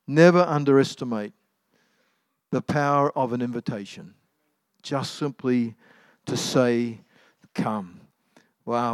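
In a mid-range voice with no room sound, a middle-aged man delivers a sermon as an anecdotal, conversational story. He leans on lots of fillers and ums and keeps restarting his sentences.

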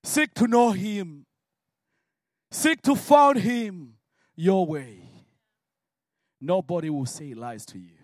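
A man from Africa preaching a sermon and telling his own story, swinging from hushed words to shouted prayer. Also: high voice, lively intonation, slow, long pauses, no echo, studio quality. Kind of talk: sermon testimony.

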